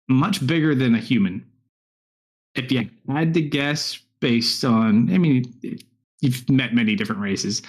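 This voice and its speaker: A man running a tabletop game as dungeon master, narrating in a relaxed, conversational way. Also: medium pitch. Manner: relaxed, conversational, filler-heavy.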